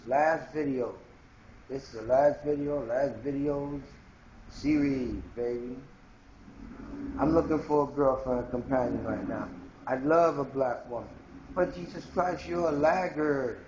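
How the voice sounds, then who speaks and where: A man's voice: medium pitch, a little slow, a little mellow, roomy sound, lo-fi sound, slight background noise. A man from Haiti delivering a rambling, confrontational monologue straight to his viewers in a home video blog. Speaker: video blogger. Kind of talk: ranting monologue to camera.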